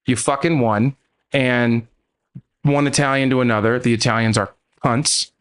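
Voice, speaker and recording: A man's voice: mid-range voice, a bit bright, clean tone. Profane joking podcast host, a man. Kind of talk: casual chat.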